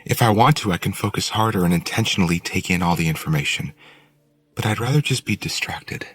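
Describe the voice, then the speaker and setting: A man's voice: low-pitched, animated, fairly quick, slightly rough, dry recording, voice pushed up. A man reading an audiobook and voicing a blunt, curious woman who possesses another's body, lifting his voice to play her. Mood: musing.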